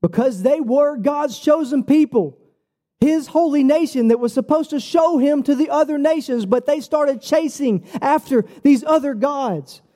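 Animated high-voiced male preacher. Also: a little slow. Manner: animated storytelling with quoted dialogue; casual, says "bro" and "like". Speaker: pastor. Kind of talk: sermon.

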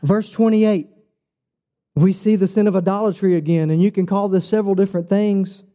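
A man preaching a sermon, telling stories with quoted dialogue in a casual, lively way. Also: sits high, a little fast. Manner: animated storytelling with quoted dialogue; casual, says "bro" and "like". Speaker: pastor.

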